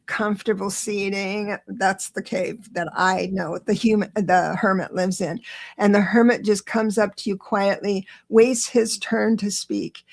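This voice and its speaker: A middle-aged woman giving an excitable, reassuring live tarot reading, talking straight to her viewers. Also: mid-range voice, vocal fry. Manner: chatty, reassuring, talks to viewers directly; excitable, rushes then slows down.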